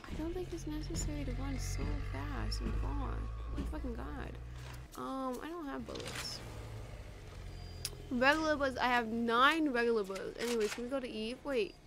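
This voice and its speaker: A woman streaming a video game, reacting excitably with frequent swearing, yelps and laughter. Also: sits high, normal speed, gravelly, background noise. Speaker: gaming streamer. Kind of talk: let's play commentary.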